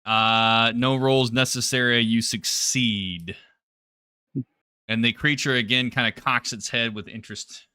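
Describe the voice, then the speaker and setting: A man's voice: medium pitch, steady tone, unhurried, sharp tone, clean tone, no echo, studio quality. A man running a tabletop game as game master, describing the scene and calling for rolls.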